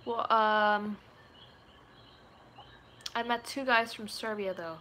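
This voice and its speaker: Young woman streamer, sharp bright voice, playful and rambling. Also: medium pitch, fairly even intonation, takes it slowly, a little hiss or hum. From Puerto Rico. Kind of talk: casual live chat answering comments.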